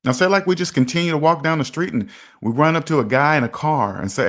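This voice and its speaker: A man's voice: on the high side, fast talker, fairly bright tone. A middle-aged man hosting a personal finance video, talking casually and emphatically to the viewer, repeating his points and acting out imagined conversations with people on the street. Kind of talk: casual monologue to camera.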